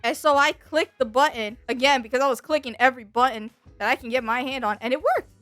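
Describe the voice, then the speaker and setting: A woman VTuber tells a casual storytime in a high, bright voice. She is animated and exaggerated, acting out the people in her tale. The sound is dry and close, with faint music underneath. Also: fast, no room sound. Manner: animated, exaggerated telling with acted-out quotes. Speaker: VTuber streamer.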